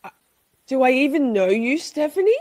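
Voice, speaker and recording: A woman's voice: sits high, big pitch swings, normal speed, darkish tone, no echo, studio quality. A woman hosting a casual livestream, chatting with playful mock outrage and frequent laughter. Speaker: livestream host.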